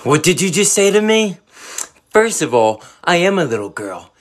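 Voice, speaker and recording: A man's voice: sits high, very animated, moderate pace. A man voicing a spoiled, bratty girl pop star who whines, demands, and throws screaming tantrums in a comedy sketch. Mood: whiny, bratty. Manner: whiny, demanding, bursts into shrieking tantrums.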